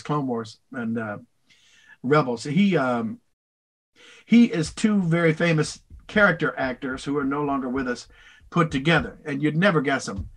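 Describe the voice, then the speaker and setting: An older man, a voice actor, answering interview questions in a rambling, animated way, slipping into voices. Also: a little high. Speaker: voice actor guest.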